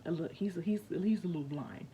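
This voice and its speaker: A woman's voice: on the low side, fast talker, warm tone, slight background noise, poor audio. A young woman vlogger telling a personal story in a rambling, casual way, full of fillers and restarts.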